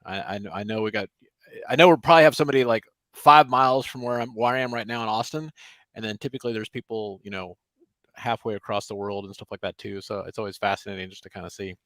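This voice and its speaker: A man's voice: lowish voice, steady tone, fast, fairly bright tone, dry recording. Rambling, friendly male webinar host. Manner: rambling, friendly, many fillers. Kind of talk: casual live webinar talk. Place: home office in Austin.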